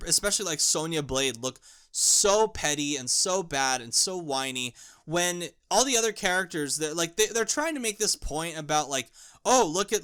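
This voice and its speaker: Bright-voiced, profane film ranter. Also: mid-range voice. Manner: exasperated, profane, ranting; repeats words and restarts when worked up. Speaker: film reviewer. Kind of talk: ranting film review.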